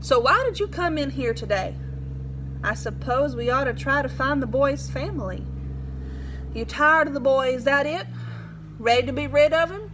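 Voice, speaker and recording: Storybook read-aloud: a woman voicing a gruff, accusing male sheriff, high-pitched. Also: animated, normal speed, noisy background. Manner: blunt, accusing, pushy questions. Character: gruff suspicious male small-town sheriff.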